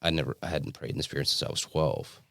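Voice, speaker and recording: A man giving a personal testimony as a podcast guest, telling his story earnestly with halting restarts and fillers. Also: extremely low pitch, sing-song, gravelly, bright, forceful tone, no room sound, clean studio sound. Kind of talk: personal testimony in a casual interview.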